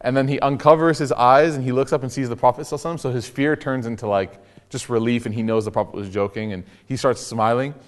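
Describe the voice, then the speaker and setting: Fast-talking, animated young male lecturer. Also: mid-range voice, clean tone. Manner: lively, joking storyteller acting out quotes. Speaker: Islamic lecturer. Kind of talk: casual sermon. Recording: long hall reverb.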